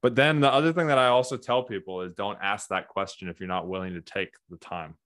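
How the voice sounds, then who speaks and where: A man with a fairly low voice speaks candidly as a podcast guest, earnest and animated, telling his story in quick bursts. The sound is close and dry, with no room around it. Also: no echo. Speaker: burnout coach, podcast guest.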